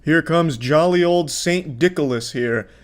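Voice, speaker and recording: A man's voice: fairly high pitch, unhurried. A man giving sarcastic, profane reaction commentary on clips. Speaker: commentary host.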